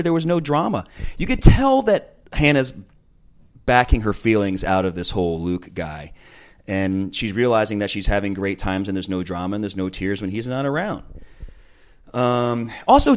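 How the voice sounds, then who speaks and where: Animated, chatty man recapping TV. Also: on the low side, moderate pace. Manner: chatty, animated, opinionated, trails off with ums. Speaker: podcast host recapping a reality show. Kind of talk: casual chat.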